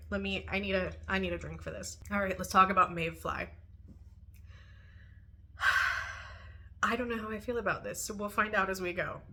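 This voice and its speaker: Young woman, bright voice, casual book vlog, chatty, laughs a lot, lots of "um" and "like". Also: mid-range voice. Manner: chatty, animated, laughs often, many "um" and "like". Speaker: book reviewer.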